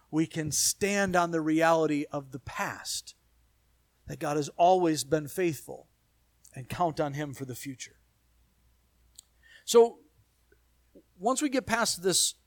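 Brief: male pastor preaching, slightly high voice, close and dry, emphatic repeated phrases with soft asides. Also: dry recording. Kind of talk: sermon.

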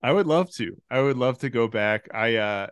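Smooth-voiced laid-back comedian, man. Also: mid-range voice, animated, normal speed, fairly bright tone, dry recording, studio quality. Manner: laid-back, rambling with restarts. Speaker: guest comedian. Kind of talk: casual podcast chat.

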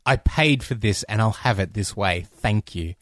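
Pompous, entitled businessman, put on by a male podcaster, snooty and clipped, slightly low. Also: normal speed, a bit bright, dry recording, studio quality, lightly acted.

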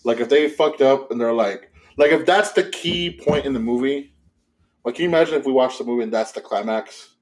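A man's voice: mid-range voice, fairly quick. A man co-hosting a podcast who talks animatedly and swears in casual chat. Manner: animated, swears, mimics voices while telling stories. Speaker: podcast co-host.

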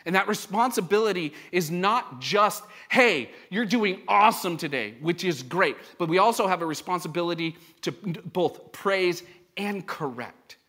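Bright-voiced pastor preaching. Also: male voice, sits high, a little slow. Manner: animated, acts out quoted voices. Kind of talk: sermon. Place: church service before a congregation.

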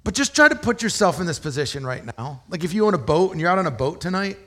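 A man gives a sermon in a relaxed, conversational way. He explains the scripture plainly and often turns to the listeners with rhetorical questions. His voice sits fairly high for a man. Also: fast talker. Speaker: pastor.

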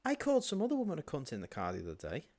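A man's voice: a little high, wildly swooping pitch, rapid-fire, heavy background noise. A man co-hosting a podcast in casual chat, ranting and swearing freely. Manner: profane, ranting. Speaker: podcast co-host.

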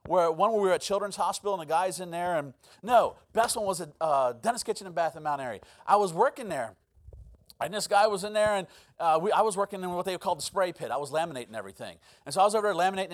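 High-voiced male pastor telling stories. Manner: storytelling, animated swings in volume, repeats words. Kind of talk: sermon.

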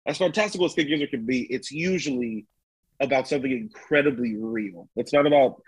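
Easygoing male co-host, husky voice, dry close recording. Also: medium pitch, fairly quick, no room sound, poor audio. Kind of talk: casual chat.

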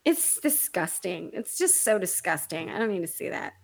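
A woman co-hosting a casual chat, telling stories in an animated, dramatic way with blunt asides and swearing. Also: on the low side, normal speed, gravelly.

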